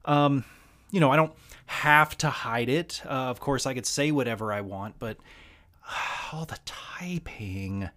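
A man's voice: mid-range voice, normal speed, sharp tone. A man from the American South with a slight Southern accent, hosting a casual podcast monologue in a wry, candid, sardonic way with frequent ums. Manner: frequent ums and trailing asides. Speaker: podcast host.

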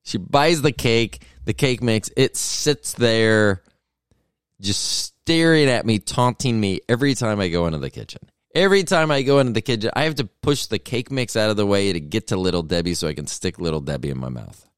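Rambling middle-aged man, lively low voice. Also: moderate pace, clean tone, dry recording, clean studio sound. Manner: meandering, self-interrupting storytelling. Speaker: podcast host. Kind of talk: rambling comedic monologue.

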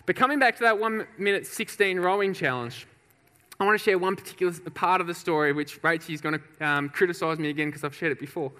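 A man preaching a sermon, telling a personal story with laughs and acted-out shouts. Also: high-pitched, fast, clean tone. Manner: lively storyteller, laughs often, acts out shouts. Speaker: pastor. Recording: reverberant hall.

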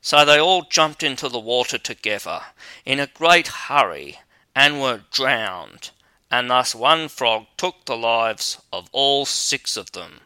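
Male audiobook narrator, measured and unhurried, bright dry sound. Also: medium pitch, clean tone, dry recording. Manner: measured, even reading. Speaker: audiobook reader. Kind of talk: storybook narration.

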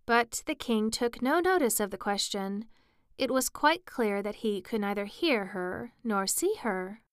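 A woman narrating a storybook as an audiobook, in a slow, even storytelling manner. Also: mid-range voice, clear, resonant tone, no room sound, studio quality. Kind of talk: audiobook reading.

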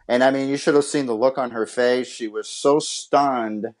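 A man's voice: mid-range voice, fairly even intonation, normal speed, hardly any pauses. Earnest man telling his life story. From Massachusetts, USA. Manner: earnest, heartfelt, testimonial. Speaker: interview guest, former pitcher and scout. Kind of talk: personal storytelling in a podcast interview.

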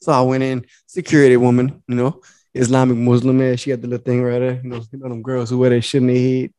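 A young podcast co-host talks fast and in a monotone, his mid-range voice mellow and clean. In a dry, studio-quality recording, he casually relates a profane story, performing both sides of it.

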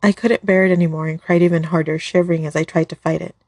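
Woman storyteller, husky, soft emotional read, dry close sound. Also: on the low side, fairly even intonation, fast talker, dry recording. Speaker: fan fiction podcast reader. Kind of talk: first-person story reading.

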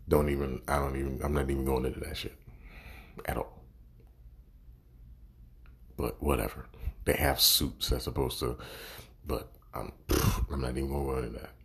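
A man's voice: extremely low pitch, a little mellow, breathy edge. A man giving a casual, profane movie review, exasperated and sarcastic, swearing constantly.

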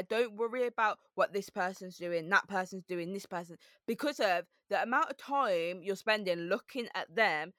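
A woman from Birmingham with a softened Brummie accent and a slight lisp, a guest speaking in an upbeat, emphatic way and repeating her key points. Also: medium pitch, no room sound, studio quality. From Birmingham, England. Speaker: podcast guest. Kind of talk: casual interview chat.

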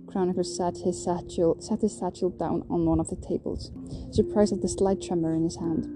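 A woman reading a novel aloud in steady storytelling narration. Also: fairly low pitch, normal speed. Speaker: reader. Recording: guitar music playing behind.

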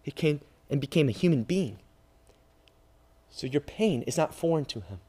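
A man preaching an emotional sermon as a youth pastor, swinging between loud cries and hushed, near-whispered lines. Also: fairly high pitch, expressive, moderate pace, slightly rough. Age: adult father.

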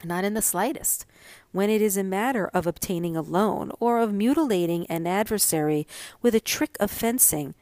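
A woman's voice: medium pitch, normal speed, dark tone, no room sound, natural voice. A woman reading a scornful young bridegroom. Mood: angry. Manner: cold, contemptuous taunting.

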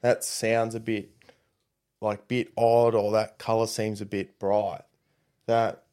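A man's voice: fairly low pitch, flat delivery, takes it slowly, darkish tone, clear, resonant tone. Male guest; casual, rambling storyteller who perks up when quoting.

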